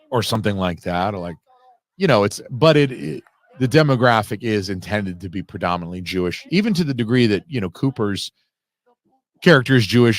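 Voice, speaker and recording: Speaking in a voice on the low side with no echo, a man offers loose live film commentary, cursing freely and going off on tangents amid frequent fillers.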